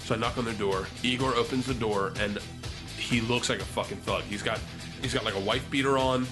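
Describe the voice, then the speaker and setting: A male comedian telling an animated, profane story on stage and acting out other people's lines. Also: medium pitch, fairly quick, over music. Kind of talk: stand-up storytelling.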